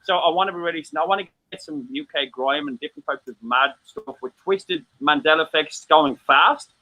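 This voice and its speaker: A man's voice: on the high side, animated, fairly quick, sharp tone, rough recording. An Irish man in casual chat, rambling, stammering and swearing freely. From Ireland.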